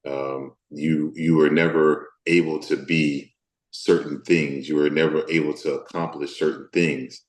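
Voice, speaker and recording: Speaking with little pitch movement in an echoey room, this actor from the American Deep South gives a candid interview. He's reflective and hesitant, leaning heavily on fillers.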